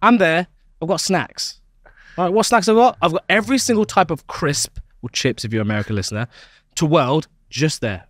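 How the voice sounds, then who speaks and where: This young adult man co-hosts a podcast and, in casual conversation, spins a made-up story that's playful and comic, his pitch swinging lively up and down. He talks fairly quickly, and the studio sound is clean with no echo.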